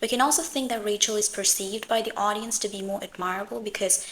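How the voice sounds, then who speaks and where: A woman hosting a video essay, giving scripted commentary in a measured, analytical way. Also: mid-range voice, steady tone, fairly bright tone, a little hiss or hum, poor audio.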